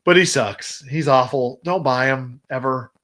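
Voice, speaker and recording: A man's voice: medium pitch, a little slow, fairly bright tone, low-quality recording. A man hosting a casual livestream toy review, blunt and rambling, often restarting his sentences. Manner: rambling, blunt, repeats and restarts while complaining. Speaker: action figure collector and channel host.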